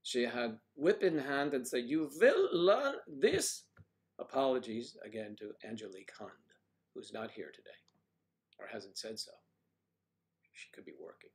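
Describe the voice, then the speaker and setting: An older man hosting a livestream, chatting casually and rambling, thinking aloud with frequent pauses. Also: fairly low pitch. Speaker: livestream host.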